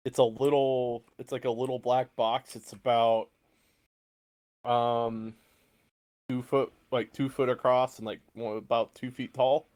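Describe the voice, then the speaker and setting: A man's voice: mid-range voice, little pitch movement, measured pace, darkish tone. A man narrating a tabletop role-playing game as game master, casual and rambling, with frequent fillers and restarts.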